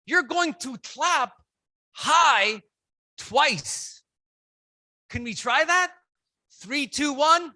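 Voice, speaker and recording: A keynote speaker at a conference who leads the audience through call-and-response and counts, breaking into loud shouts to rouse them. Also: high-pitched, expressive, very slow, long pauses. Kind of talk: motivational speech with audience participation. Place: conference room with a live audience.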